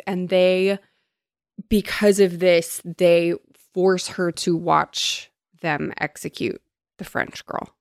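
A woman's voice: fairly low pitch, fairly even intonation, slow, dry recording, clean studio sound. A woman chatting casually about a novel, reflective and reading lines from it now and then. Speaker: podcast co-host discussing a novel. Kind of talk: casual chat, reading passages aloud.

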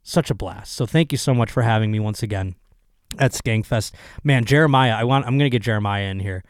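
Male podcast host, hoarse, rambling and profane, dry close mic. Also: fairly low pitch, brisk, dry recording. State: hoarse, voice still recovering. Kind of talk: casual solo podcast monologue.

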